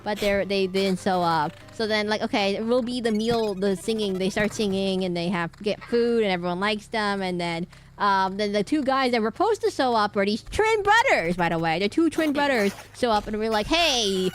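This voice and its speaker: A woman streamer chatting casually while playing a game, rambling through an animated retelling with frequent restarts and self-corrections. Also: medium pitch, normal speed, slight background noise.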